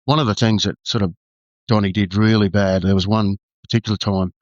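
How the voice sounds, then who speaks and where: An Australian man, a former undercover detective, tells his story candidly in a halting way full of restarts and fillers. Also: on the low side, fairly even intonation, a little mellow, no room sound, lo-fi sound.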